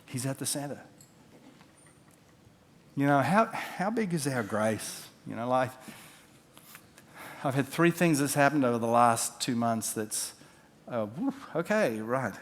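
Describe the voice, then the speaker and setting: A man, a pastor preaching a sermon, telling stories and acting out the quotes, dropping from loud to hushed. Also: medium pitch, animated, unhurried, pauses often. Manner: storytelling with acted-out quotes, swinging from loud to hushed.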